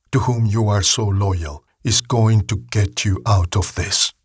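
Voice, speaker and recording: A man reading a Bible story aloud in a slow, measured storytelling manner. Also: on the low side, husky, dry recording, clean studio sound. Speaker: narrator. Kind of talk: scripted Bible story narration.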